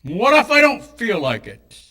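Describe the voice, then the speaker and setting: A man's voice: sits high, huge pitch swings, unhurried, pushed and bright, roomy sound, recorded from a distance, heavily acted. A man voicing a stubborn, moody computer that talks back to its owner with sulky defiance. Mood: defiant.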